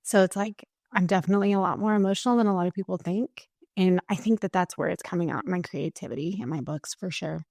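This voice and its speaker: A woman's voice: on the low side, fast talker, vocal fry, few pauses, darkish tone, dry recording, clean studio sound. A woman speaking as a podcast guest in a candid, heartfelt conversation. She is earnest and emotional and fills her speech with "like.". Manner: earnest and emotional, with many "like" fillers.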